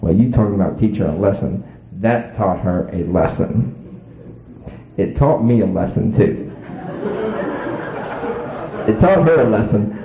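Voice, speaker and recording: A man telling a story to an audience in a folksy, animated way, acting out voices. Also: fairly low pitch, measured pace, pauses often, a little hiss or hum. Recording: echoey tinny phone-like sound.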